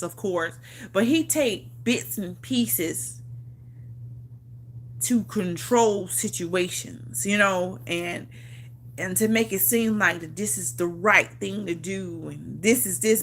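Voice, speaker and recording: A woman's voice: mid-range voice, a little hiss or hum. A woman vlogger telling a personal story in a casual chat. She talks emphatically, repeats herself, swears freely and laughs often. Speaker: vlogger on a livestream.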